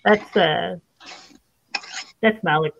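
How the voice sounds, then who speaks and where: A woman's voice: fairly low pitch, takes it slowly, creaky. A woman hosting a live stream in a casual, chatty way, steering the group along. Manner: chatty, leads the group with frequent "all right"s. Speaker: stream host. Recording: dull lo-fi stream audio.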